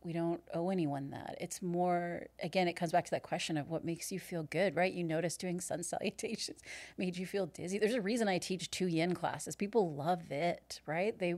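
A woman yoga instructor talking earnestly as a podcast guest, animated and laughing often. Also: fairly low pitch, normal speed, dry recording. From Canada. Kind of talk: casual podcast interview.

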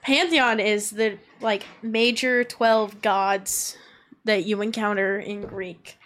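Slow-talking woman running a role-play. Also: mid-range voice, fairly even intonation, a bit bright. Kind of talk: improvised role-play narration.

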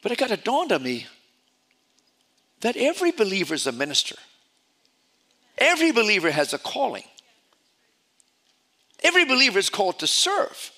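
A man's voice: sits high, normal speed, long pauses. A man preaching a sermon, telling stories animatedly and often repeating his words. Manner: animated storytelling with repetitions.

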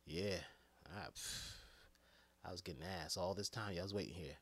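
A man's voice: deep voice, moderate pace, a bit bright, no echo, pitched below the performer's own voice. Man doing a smug, worn-out old hero. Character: worn-out old male superhero, smug and content.

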